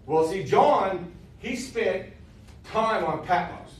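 A man's voice: sits high, expressive, slow, very echoey, distant mic, a little hiss or hum. A man teaching an informal sermon to a live audience, talking conversationally, repeating key phrases and laughing with the listeners. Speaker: preacher teaching a session.

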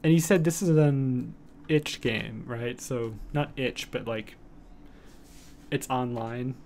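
A man streaming from home in casual chat, rambling with lots of fillers and cooing softly at his cat. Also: medium pitch, slow pace, vocal fry, a little hiss or hum.

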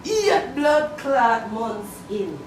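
A woman with a Jamaican accent delivering a loud, profane comedic rant, often shouting. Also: fairly high pitch, big pitch swings, extremely slow, slight background noise. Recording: roomy, distant from mic.

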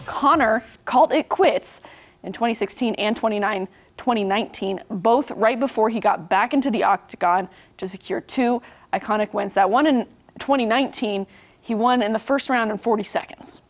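A woman's voice: fairly high pitch, normal speed. A woman TV news anchor reading a story, then joking with co-hosts in a light, amused way.

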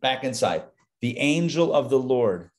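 A man's voice: medium pitch, very animated, measured pace, darkish tone. Joking, conversational male rabbi teaching. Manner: conversational, joking asides while reading the text aloud. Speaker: rabbi teaching a daily Torah class. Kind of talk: live Torah lesson.

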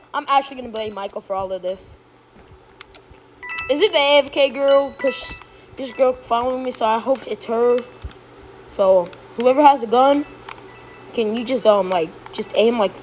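A woman streaming a game live, chatting casually and breaking into excited yelps when she is chased. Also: on the high side, poor audio. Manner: casual, says "bro" a lot. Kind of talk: live gameplay commentary.

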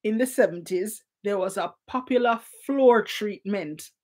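A woman's voice: medium pitch, a little slow, darkish tone. A Jamaican woman in her fifties, co-hosting a casual live-chat quiz, chatty and laughing often as she reads out viewers' answers. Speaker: quiz co-host.

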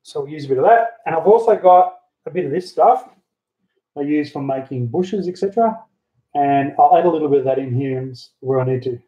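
A man talks through his hobby project in a loose, easygoing way, swearing now and then as he works. His voice sits a touch high for a man. The sound is dull and lo-fi, picked up by a handheld camera. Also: fairly quick. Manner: relaxed, chatty, mildly profane, talks while working. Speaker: hobby model builder, channel host. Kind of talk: casual how-to crafting chat. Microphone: handheld camera mic.

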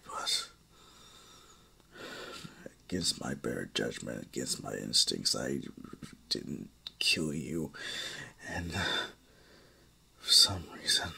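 A cold, calculating Sith warrior, as a man puts him on in a fan story. He talks low and slow, often dropping to a menacing half-whisper. The voice sits deep and takes its time. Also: bright, forceful tone, exaggerated voice.

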